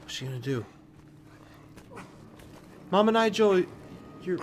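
Excitable high-voiced gaming guy. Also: slow pace, slight background noise. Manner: excitable, swears, jokes at the screen. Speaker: gaming commentator. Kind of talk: let's play commentary. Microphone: new desk mic with webcam.

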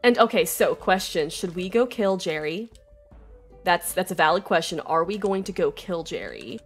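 A woman streaming a video game, giving casual, excitable commentary with a lot of swearing and laughter. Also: lowish voice, moderate pace, soft background music.

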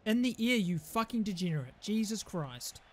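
A man's voice: high voice, very animated, moderate pace. Exasperated young man ranting over a game. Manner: exasperated, swearing outbursts at the game. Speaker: gaming channel host. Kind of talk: casual gaming banter.

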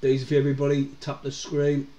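A man's voice: mid-range voice, completely flat delivery, fast, mellow. A man with a North East English accent, chatting casually on a football live stream, reactive and sweary. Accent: North East England. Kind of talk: casual live match chat.

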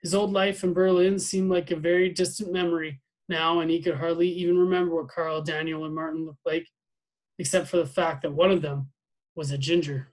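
A man's voice: on the high side, a little fast, poor audio. Man teacher reading a novel aloud. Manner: steady read-aloud with small slips and restarts.

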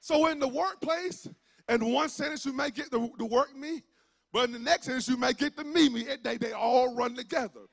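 A pastor from Georgia with a Southern accent, preaching a fervent sermon that swings from shouts into a sing-song cadence, with many "uh" fillers. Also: male voice, very high-pitched, normal speed, gravelly. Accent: Southern US (rural Georgia). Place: church sanctuary.

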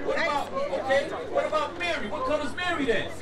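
A man preaching loudly on a city street, firing questions at passersby. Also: very high voice, quick pace. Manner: loud, confrontational questioning. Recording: distant mic with street crowd noise.

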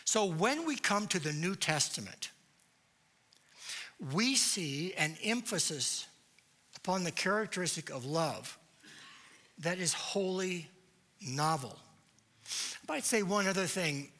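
Man lecturing at church, emphatic and deliberate, slightly high voice, unhurried delivery. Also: animated, bright, forceful tone. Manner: deliberate, emphatic, asks rhetorical questions.

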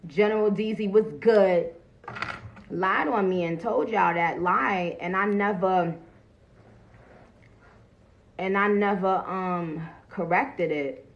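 A woman's voice: mid-range voice, slow, pauses often, dull audio. A woman chatting bluntly and profanely on a phone livestream, greeting viewers as she talks. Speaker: livestream host. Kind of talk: casual livestream chat. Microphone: phone camera.

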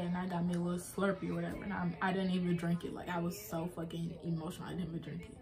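A woman's voice: fairly low pitch, steady tone, fast talker, darkish tone. A young woman vlogger, emotionally retelling a personal story with lots of fillers.

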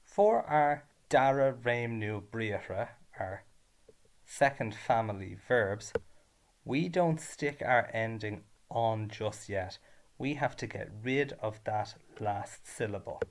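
A man's voice: on the low side, slow pace. A man with an Irish accent teaching a revision lesson, patient and spelling words out syllable by syllable.

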